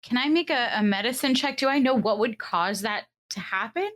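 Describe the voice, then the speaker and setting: A woman's voice: fairly high pitch, lively intonation, fairly quick, a bit bright. A woman playing a tabletop game, asking questions in a matter-of-fact way. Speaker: player.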